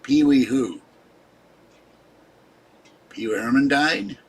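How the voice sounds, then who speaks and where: A man's voice: mid-range voice, animated, takes it slowly, husky. An older man hosting a live stream, rambling and scolding his chat viewers in an irritable, complaining way. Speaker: livestream host.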